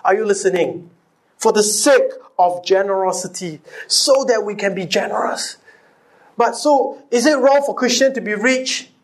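A man's voice: high voice, normal speed. A man preaching a sermon, firing off rhetorical questions, calling back to the congregation and repeating key phrases for emphasis. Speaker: pastor.

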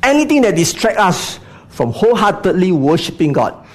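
A man's voice: high-pitched, very animated, moderate pace. A man preaching a sermon, speaking to the congregation with frequent rhetorical questions and "you know" asides.

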